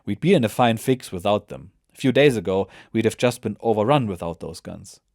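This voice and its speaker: A man doing a calm, wry veteran soldier. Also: lowish voice, fairly quick, vocal fry, dry recording, clean studio sound.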